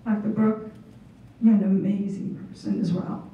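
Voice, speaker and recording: Speaking off the cuff as a student honoree, a thirtysomething woman offers an emotional, heartfelt thank-you. Her voice is medium in pitch and flat in delivery at an ordinary pace, and the recording is distant, dull, and echoey, as in a hall.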